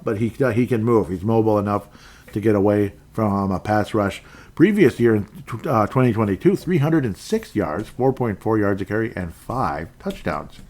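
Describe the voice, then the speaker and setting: His voice sits lowish and a little mellow as this podcast host from Minnesota, USA, meanders through laid-back sports chat. He wanders off on tangents and doesn't mince words.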